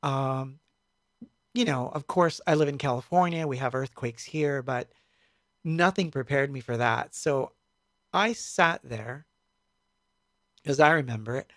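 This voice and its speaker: A man telling a story in a casual stream, speaking in a halting, reflective way with many fillers. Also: mid-range voice, no room sound, clean studio sound. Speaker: musician recounting a tour.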